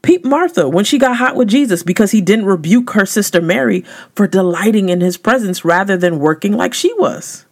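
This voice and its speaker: A woman's voice: lively intonation, a little fast, few pauses, a little mellow. A woman host giving a devotional talk in a casual, slangy, emphatic way, her voice rising sharply on key words. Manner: emphatic, conversational, slangy, with sudden rises in pitch. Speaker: podcast host.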